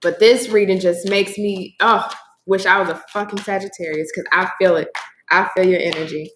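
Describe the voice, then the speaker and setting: A woman gives a casual tarot reading to camera in an echoey room with slight background noise. Her mid-range voice is fairly bright with fairly even intonation at normal speed, and she's effusive, swearing freely as she talks straight to viewers.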